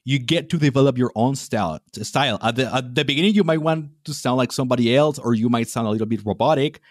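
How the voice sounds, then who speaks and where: A man's voice: mid-range voice, fast, no room sound, clean studio sound. A man hosting a podcast interview, talking casually and thinking aloud, often restarting his sentences. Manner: hesitant, many fillers and restarts. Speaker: podcast host.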